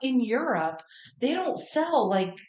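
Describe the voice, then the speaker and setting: A woman's voice: on the high side, sing-song, slow, a little mellow, echoey room. A woman co-hosting a cooking podcast in a home kitchen, chatting casually and making dry, joking asides. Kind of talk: casual chat.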